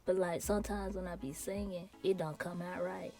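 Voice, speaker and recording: Woman, slight raspy voice, playful teasing, faint music behind. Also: on the low side, fairly even intonation, moderate pace, dark tone. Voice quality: slight rasp. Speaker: podcast host, sibling. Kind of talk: casual chat.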